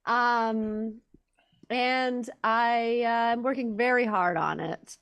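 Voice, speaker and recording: A woman's voice: fairly high pitch, steady tone, slow, a bit bright, muffled recording. A woman on a comedy panel, bantering and teasing with laughs.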